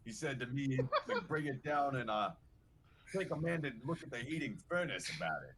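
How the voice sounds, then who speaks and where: A brash, boastful buddy character with a New York style accent and a lively, rising and falling voice, put on by a man at a tabletop game. He talks big and laughs through his lines, with a soft hiss of noise behind. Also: mid-range voice, moderate pace, close to an everyday voice. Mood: joking.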